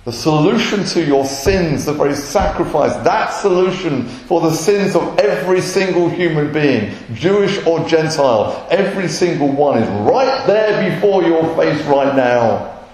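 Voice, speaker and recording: A man's voice: fairly high pitch, lively intonation, measured pace, a little mellow. A man, a messianic rabbi, preaching an earnest sermon and acting out short quotes. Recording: roomy echoey hall.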